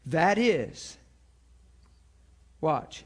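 A man preaching a sermon with deep feeling, acting out scripture scenes with voices and often laughing. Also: sing-song, extremely slow, slightly rough. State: near tears at times.

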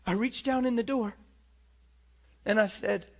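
A man's voice: high voice, unhurried, creaky. A middle-aged man preaching a storytelling sermon, acting out voices and crying out in places. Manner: animated, acts out voices and cries out.

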